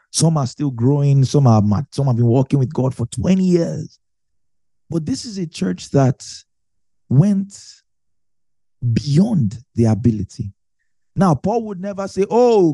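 A man's voice: fairly high pitch, dark tone, no echo. A man preaching a conversational Bible teaching, chatty and self-correcting, laughing often.

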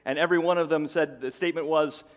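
A middle-aged man preaching a sermon as pastor, in a conversational way that often repeats words and builds into excited bursts. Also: a little high, fast talker.

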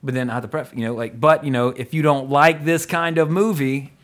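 A man's voice: fairly high pitch, fairly even intonation, a little fast, a bit bright. A man hosting a casual movie podcast, rambling and enthusiastic, with frequent laughs and fillers. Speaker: podcast host.

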